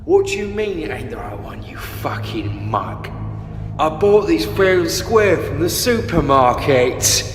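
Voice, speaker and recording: A man putting on a Cockney hardman, muttering hushed threats. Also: on the high side, very animated, unhurried, pitched above the performer's own voice. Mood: threatening. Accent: put-on Cockney. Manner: hushed threats, sudden shouted outburst. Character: would-be hard male Cockney geezer Phil. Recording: echoey roomy stream clip with faint music.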